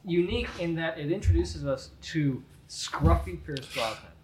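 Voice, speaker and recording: Excitable man in an echoey room. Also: a little high, normal speed, background noise. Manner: excitable, emphatic, laughs easily. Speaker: podcast co-host. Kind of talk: casual chat about a movie.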